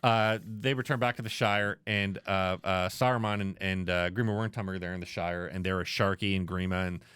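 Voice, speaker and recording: A man co-hosting a casual movie podcast, profane, acting out scenes in quick voices. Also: low-pitched, steady tone, fairly bright tone, smooth, no echo. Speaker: podcast co-host. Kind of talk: casual movie review chat.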